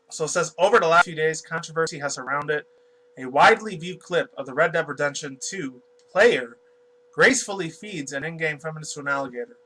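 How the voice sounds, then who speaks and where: A man's voice: a little high, a little fast, bright, forceful tone, poor audio. A man from New York giving a casual, rambling commentary as he reads a news article aloud, swearing often and stumbling over words. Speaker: YouTube commentator.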